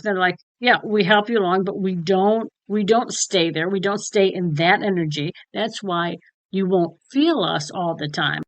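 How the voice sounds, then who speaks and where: A woman's voice: mid-range voice, moderate pace, no room sound. A woman co-hosting a casual spiritual chat, frank and blunt, swearing freely and acting out conversations as she retells them. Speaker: co-host.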